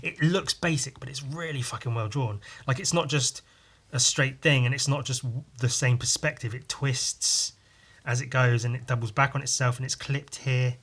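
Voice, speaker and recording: Man, casual rambling chat, swears freely, sharp bright tone, podcast host. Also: medium pitch, fairly even intonation, normal speed, slightly rough. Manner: chatty, swears casually, laughs at own stories. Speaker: podcast host drawing on stream.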